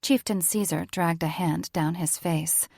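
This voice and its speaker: A woman narrating a romance audiobook in a measured storytelling manner. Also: on the low side, vocal fry, darkish tone, dry recording, clean studio sound. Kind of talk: scripted narration.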